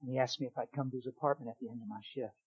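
A man's voice: mid-range voice, steady tone, racing, breathy edge, highs cut off. Dramatic storytelling male preacher. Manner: dramatic, swings from loud exclaiming to hushed near-whisper. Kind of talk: sermon testimony storytelling.

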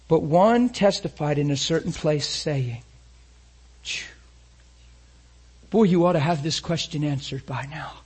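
A man preaching a sermon with intensity, moving between loud emphatic lines and hushed near-whispers and putting rhetorical questions to his listeners. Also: a little high, husky.

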